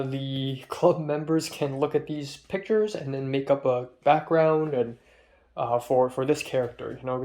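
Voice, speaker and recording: A man's voice: on the high side, dark tone. A young man from Hong Kong, a film student, talks in a rambling, profane diary vlog, full of ums and restarts. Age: young adult. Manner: rambling, profane, with many fillers.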